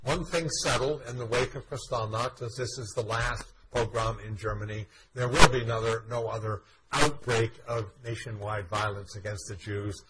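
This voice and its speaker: A man's voice: fairly low pitch, fairly even intonation. Man lecturing with frequent "uh" fillers. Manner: frequent "uh" fillers, measured explanatory delivery. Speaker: university history lecturer. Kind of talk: university lecture. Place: university classroom. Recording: loud background noise.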